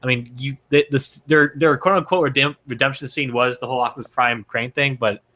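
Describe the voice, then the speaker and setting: A man's voice: medium pitch, fairly even intonation, fairly quick, pushed and bright. A man co-hosting a casual movie review chat, rambling and restarting his sentences often. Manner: rambling, lots of fillers and restarts. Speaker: podcast co-host.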